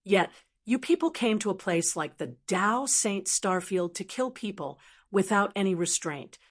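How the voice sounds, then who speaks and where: A woman's voice: mid-range voice, animated, measured pace. Woman reader voicing a sneering young male martial hero, lecturing and scornful, storybook read. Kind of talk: audiobook character reading.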